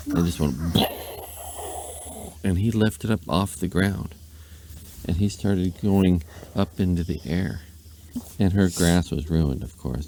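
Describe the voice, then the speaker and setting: Gravelly low-voiced dad telling a bedtime story. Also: male voice, mellow, slight background noise. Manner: rambling, playful, with silly asides.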